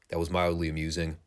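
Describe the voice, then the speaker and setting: A man giving a casual recap of old wrestling shows, animated, laughing and swearing freely. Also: low voice, smooth. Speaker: wrestling show reviewer.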